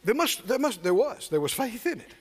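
A man preaching with humorous, folksy storytelling and call-and-response. His voice is high and swings widely in pitch. The sound rings through a reverberant church hall. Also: big pitch swings, a little fast, breathy edge.

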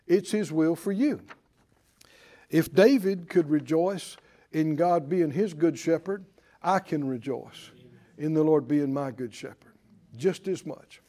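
A man preaching a sermon in a high-pitched voice. He drives home lines by repeating them emphatically and calls on listeners to respond. At times he eases into a quieter, conversational telling. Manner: emphatic, repeats declarations for the congregation.

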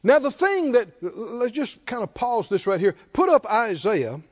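A man's voice: very high voice, moderate pace, muffled recording. A man preaching a sermon, asking the congregation questions and chuckling often. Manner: animated call-and-response preaching, chuckling often. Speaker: pastor.

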